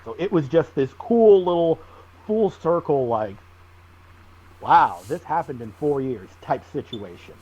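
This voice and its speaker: A man, a wrestling guest on a podcast, telling stories in a lively, animated way. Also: a little high, a little slow, breathy edge, dull audio. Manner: animated storyteller, acts out shouted quotes. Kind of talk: casual storytelling interview.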